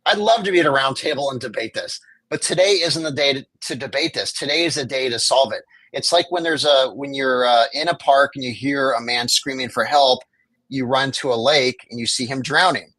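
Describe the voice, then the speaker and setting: A man with a medium-pitched, fairly bright voice makes his case with passion as a homelessness advocate guest, arguing and acting out officials' words. The conversational interview has poor audio without echo.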